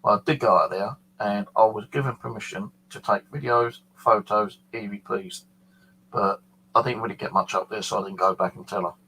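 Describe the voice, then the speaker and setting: A man's voice: fairly low pitch, fairly even intonation, moderate pace, pushed and bright, a little hiss or hum, poor audio. A man with a British accent telling a paranormal story in a casual, rambling way, full of fillers. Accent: British English. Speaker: paranormal channel host.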